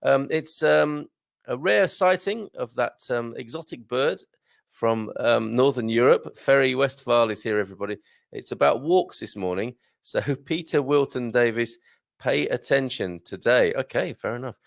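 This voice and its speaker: A man's voice: mid-range voice, normal speed, creaky, no echo, clean studio sound. A man from Britain hosting a live stream, reading out viewer comments in a chatty, joking way with many hesitations. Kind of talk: casual live chat.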